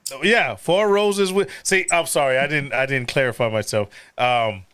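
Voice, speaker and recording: A man hosting a casual live podcast chat, rambling and profane and quick to laugh. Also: mid-range voice, fairly bright tone, slight background noise. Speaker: podcast host.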